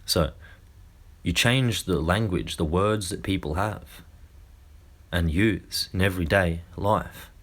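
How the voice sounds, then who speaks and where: A man delivers a monologue in a deep, low voice. He stretches his phrases out deliberately and often restarts his sentences as he explains. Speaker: speaker. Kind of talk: lecture-style monologue.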